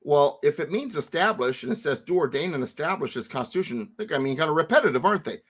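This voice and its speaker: A man teaching a founding text to a co-host, emphatic and lively, repeating words for stress. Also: fairly high pitch, quick pace, slightly rough.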